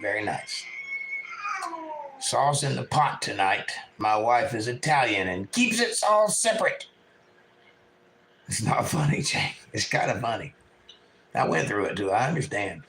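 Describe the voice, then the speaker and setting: A man's voice: mid-range voice, big pitch swings, unhurried, long pauses, a bit bright, rough recording. A man from eastern North Carolina with a Southern accent, hosting a casual livestream at home and reading chat messages aloud in a folksy way.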